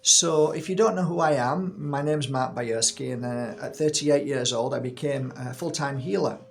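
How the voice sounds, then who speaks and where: A man's voice: mid-range voice, normal speed, creaky. A man in his fifties, a healer and channel host, casually telling a personal story, rambling with frequent restarts.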